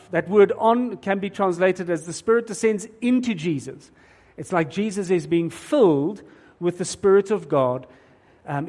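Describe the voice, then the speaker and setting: This sermon comes from a man whose voice is a little high with a darkish tone. He preaches with earnest emphasis, often repeating words as a thought begins, and the room adds a long hall reverb.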